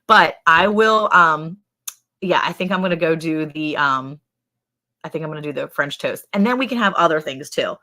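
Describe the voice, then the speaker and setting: A woman in her thirties with a lowish, slightly bright voice hosts a casual ranch livestream. She's chatty, laughs often and greets viewers by name.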